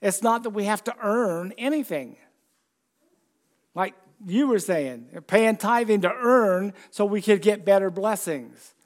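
A man's voice: high-pitched, expressive, unhurried. A man preaching a sermon in church, talking casually and asking the congregation questions. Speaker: pastor.

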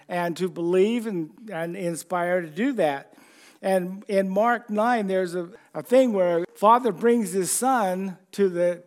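A man's voice: high voice, a little mellow. A man preaching a conversational sermon, repeating phrases over and over for emphasis.

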